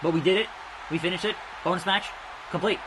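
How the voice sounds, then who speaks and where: A young man giving rambling let's play commentary, chatting about wrestling news and reacting loudly to the game as he plays. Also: high-pitched, steady tone, fast, noisy background. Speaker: gaming YouTuber.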